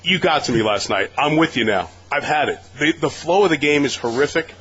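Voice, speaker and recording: A man speaking as a guest on a sports talk radio show, with a measured, analytical delivery. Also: a little high, lively intonation, fairly bright tone, slightly rough. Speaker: guest broadcaster. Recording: slightly dull radio recording.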